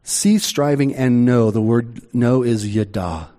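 Slow, unhurried male preacher. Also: medium pitch, dark tone. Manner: conversational preaching with slow emphatic pauses. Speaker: pastor. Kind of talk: sermon.

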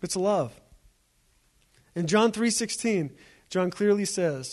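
A man's voice: high voice, expressive, slow pace, pauses often. A man preaching a sermon as a pastor, in a conversational storytelling way with repeated phrases.

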